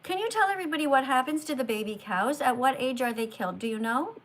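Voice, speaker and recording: A woman's voice: high voice, expressive, fast. A woman hosting a livestream, talking earnestly to a guest and to viewers, emphatic and lecturing, recorded on a phone. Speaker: livestream host. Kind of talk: live-stream talk to viewers.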